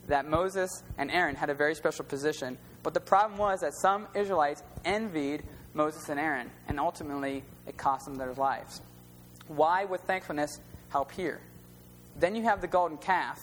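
A man's voice: a little high, fairly bright tone. A man preaching a sermon in a conversational storytelling way, using plain everyday wording. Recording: long reverb with faint hum.

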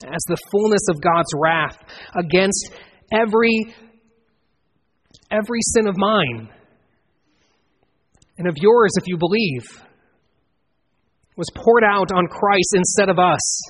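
An earnest man preaching a sermon, his voice set a little high with a husky edge. He builds to emphatic swells and then sinks low again. A long hall reverb trails after his words. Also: expressive, slow, long pauses. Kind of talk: expository sermon.

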